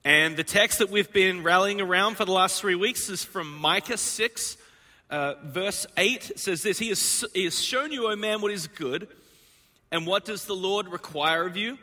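Bright-voiced energetic pastor. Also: male voice, sits high, normal speed. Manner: energetic, joking with the congregation. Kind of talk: sermon. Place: church auditorium.

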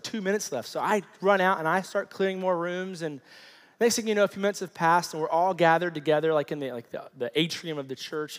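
Animated male preacher in a reverberant hall. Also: on the high side. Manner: animated, acts out the people in his story. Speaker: pastor. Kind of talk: sermon storytelling.

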